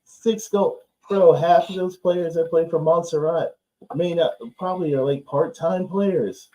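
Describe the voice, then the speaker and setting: A man's voice: a little high, steady tone, measured pace, dark tone. A man hosting a live football watchalong stream, talking loosely and sarcastically, swearing and laughing often. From United States. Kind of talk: casual live-stream chat. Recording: slightly dull, lo-fi stream audio.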